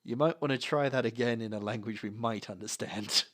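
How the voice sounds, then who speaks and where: A man voicing a pair of gruff, amused male sailor twins who speak in a laconic, teasing way. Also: mid-range voice, a little fast, a bit bright, natural voice.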